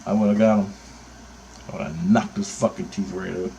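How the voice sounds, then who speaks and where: A man's voice: low-pitched, steady tone, moderate pace, mellow, highs cut off, slight background noise. A man telling an angry, profanity-laced story about his bird photography, talking in a heated, sarcastic way. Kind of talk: angry ranting anecdote.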